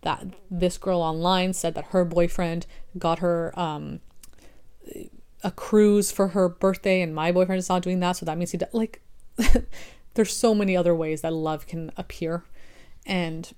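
Woman thinking aloud, low-pitched. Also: fairly even intonation, unhurried, a little mellow, clear, resonant tone. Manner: rambling, restarts and fillers, talks through thoughts aloud. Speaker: online content creator. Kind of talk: casual reflective monologue.

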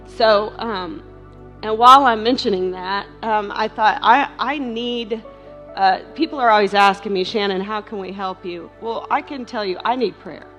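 Middle-aged woman, heartfelt halting testimony, mid pitch, soft music underneath. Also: lo-fi sound. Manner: heartfelt, halting, many fillers and restarts. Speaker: speaker sharing testimony at a church. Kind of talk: emotional personal testimony.

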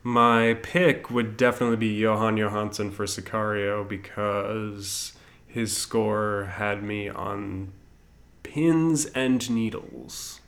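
A man in a casual awards chat, arguing his predictions in a measured way with frequent hedges. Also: fairly low pitch, fairly even intonation, fairly bright tone. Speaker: podcast co-host.

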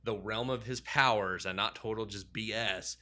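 A man in casual banter about superhero movies, joking and rambling, acting out characters in quick asides. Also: on the low side, bright, forceful tone.

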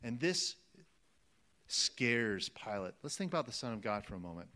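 A man's voice: mid-range voice, sing-song, normal speed, pushed and bright. A man preaching a sermon, emphatic and repeating phrases for weight, calling his listeners friends.

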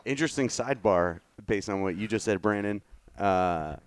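A man's voice: lowish voice, lively intonation, moderate pace, no echo. A man co-hosting a podcast in casual chat, making dry joking asides. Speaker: podcast co-host.

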